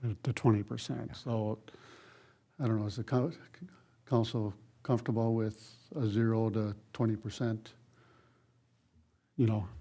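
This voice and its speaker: A man's voice: medium pitch, mellow. A man leading a city council workshop discussion, talking loosely and conversationally with many fillers. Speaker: city council presiding member.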